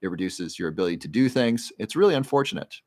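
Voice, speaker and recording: A man with a fairly low voice hosts a casual livestream. He reads viewer questions aloud and answers them in a loose, rambling way, explaining health research in plain terms. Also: lively intonation, quick pace, a little mellow.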